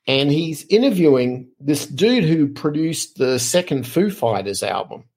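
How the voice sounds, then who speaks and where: Middle-aged Aussie male podcast guest, slightly raspy, chatty animated storyteller. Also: fairly high pitch, measured pace. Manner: animated, lively anecdotes with frequent fillers. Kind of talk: casual storytelling.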